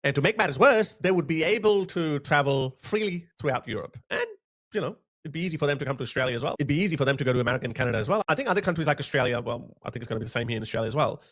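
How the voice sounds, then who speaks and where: A man's voice: a little high, expressive, racing, fairly bright tone. A man giving blunt, sarcastic commentary on video clips, mocking what he shows. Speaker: political commentator.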